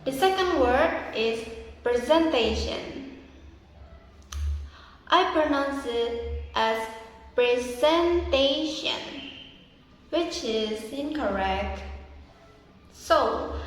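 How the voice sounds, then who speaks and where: A woman with an Indonesian accent presents a class assignment, slowly modeling the pronunciation of words and repeating each one. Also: sits high, a little hiss or hum. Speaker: student. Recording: echoey room with long reverb.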